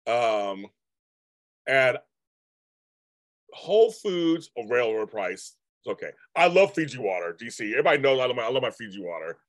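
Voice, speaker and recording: A man's voice: medium pitch, very animated, moderate pace, long pauses, no room sound. A man in his fifties hosting a live stream, chatting casually and rambling as he answers comments from viewers. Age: 50s.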